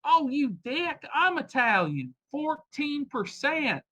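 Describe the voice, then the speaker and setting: A man's voice: very high voice, very animated, takes it slowly, sharp tone, voice pushed up, full character voice. A man putting on a Southern accent to read a pushy man coaxing a woman in a chat. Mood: insistent. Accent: put-on American Southern.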